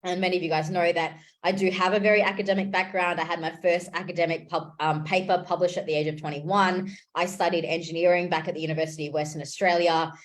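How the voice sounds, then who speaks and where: A woman in her thirties talks straight to her viewers in a relaxed, casual update. Her voice sits a little low, and she sounds eager and chatty, often circling back and restarting a phrase as her thoughts race ahead. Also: fast, few pauses. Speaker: vlogger and interviewer. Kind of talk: casual chat to camera.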